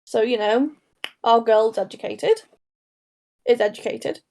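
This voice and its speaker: On a laid-back true crime podcast, this young co-host wanders through her tale and keeps interrupting herself. She speaks unhurriedly in a voice on the high side, gravelly and darkish.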